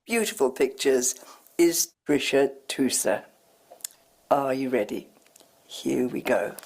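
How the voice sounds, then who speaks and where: A woman teacher reading a picture book aloud in an expressive sing-song voice. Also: extremely low pitch, slow, husky.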